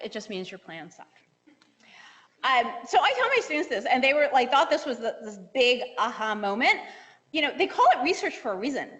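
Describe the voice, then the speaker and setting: A woman in her forties giving a conference keynote, telling lively stories with fillers and laughs and acting out quoted dialogue. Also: fairly high pitch. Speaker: keynote speaker, engineering professor. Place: lecture hall. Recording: long reverb of a lecture hall.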